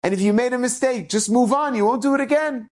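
A man voicing a gentle elderly rabbi who speaks reassuringly and with emphasis to a young boy. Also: very high-pitched, fast, voice pushed up.

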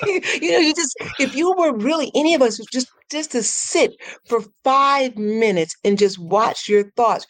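A woman coach guesting on a podcast, speaking in a lively, animated way, laughing often and acting out her inner voice in playful high tones. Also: measured pace, no room sound. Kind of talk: casual podcast interview.

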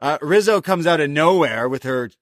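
A man's voice: fairly high pitch, animated, normal speed, no echo, studio quality. A man co-hosting a podcast review, animatedly retelling scenes and slipping into put-on voices for the characters. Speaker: podcast co-host. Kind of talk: casual review chat.

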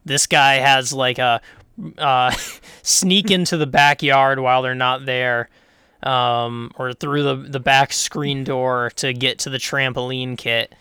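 Bright-voiced man rambling through a bit. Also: medium pitch, steady tone, takes it slowly, clear, resonant tone, no room sound, studio quality. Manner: rambling, laughing riffs with filler words. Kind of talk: casual comedic chat.

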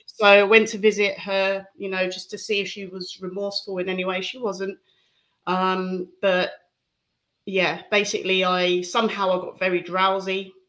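A woman speaking candidly and reflectively as an interview guest, giving a personal testimony with soft laughs. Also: mid-range voice, little pitch movement, moderate pace.

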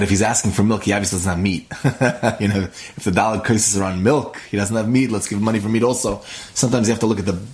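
A man telling a story in a casual, conversational way, acting out what each character says. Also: fairly low pitch. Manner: conversational, acts out the characters' dialogue.

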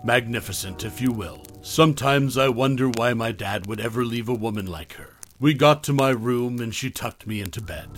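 A male narrator reads a scripted horror story in a soft, hushed voice. His lines often sink low and quiet at their ends, and his pitch sits in a middle range. Faint music plays underneath. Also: moderate pace, few pauses.

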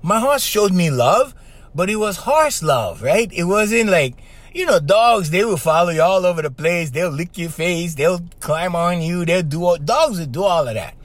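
A middle-aged man, hosting a podcast in a casual monologue. He tells stories in an animated way, keeps checking in with "right?", and has the strong voice of a trained singer. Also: high-pitched, moderate pace, dry recording. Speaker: podcast host.

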